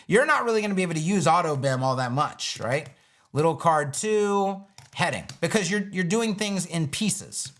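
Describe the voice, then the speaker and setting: Guy demoing web design live at a desk mic, a bit high voice, chatty, walks through every click. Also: animated, measured pace. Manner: casual, talks himself through each step while building. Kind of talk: live-streamed screen-share tutorial.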